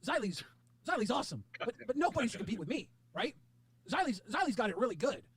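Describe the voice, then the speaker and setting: A man's voice: extremely high pitch, sing-song, fast, fairly bright tone, breathy edge, dry recording. A man streamer talking sarcastically and needling a co-host.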